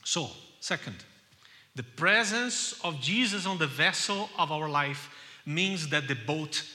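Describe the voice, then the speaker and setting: A man preaching a sermon with passion, repeating key phrases and building to loud cries. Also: fairly high pitch, expressive, slow. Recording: long hall reverb.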